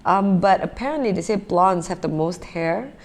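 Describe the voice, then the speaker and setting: A woman co-hosting a podcast, chatting casually, bubbly and quick to laugh. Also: fairly low pitch, lively intonation. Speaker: podcast co-host. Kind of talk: casual chat.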